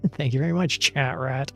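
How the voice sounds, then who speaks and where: A man's voice: medium pitch, vocal fry, bright, forceful tone. A man chatting casually on a live stream, reading viewer messages aloud, laughing often and poking fun at his own mistakes. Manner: self-deprecating, rambling.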